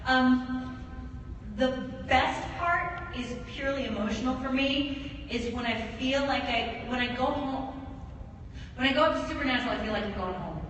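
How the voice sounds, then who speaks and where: An older woman answers a fan's question, frank and heartfelt, with a slightly high voice. She sounds far from the mic, her words washing around a big reverberant hall with clear noise under them. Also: moderate pace. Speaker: actress panel guest. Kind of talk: convention panel answer. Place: large convention hall.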